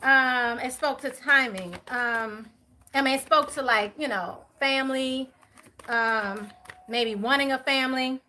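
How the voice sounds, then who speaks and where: A woman giving a chatty live tarot reading, talking to viewers and spirits, with many fillers and quick apologies. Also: high voice, bright, forceful tone, a little hiss or hum. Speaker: tarot reader.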